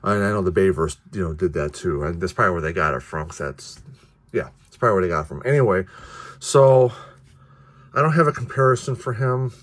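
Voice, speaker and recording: A man's voice: sits low, lively intonation, brisk. A man casually reviewing action figures, rambling with many restarts and the odd curse. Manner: offhand, mildly profane. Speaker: toy reviewer.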